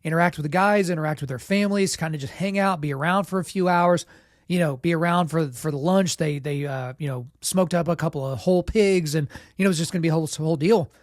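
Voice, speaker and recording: A man's voice: a little high, fast talker, no room sound, clean studio sound. Sick man telling a story. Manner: relaxed, self-deprecating storyteller with frequent "you know" and "like". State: sick with a sore throat. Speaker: podcast host. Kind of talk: casual storytelling monologue.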